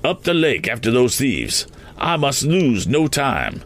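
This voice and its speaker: A man's voice: medium pitch, wildly swooping pitch, a little slow, a bit bright, pitched above the performer's own voice, exaggerated voice. A man voicing an earnest, eager young male inventor in a storybook reading, urgent and determined.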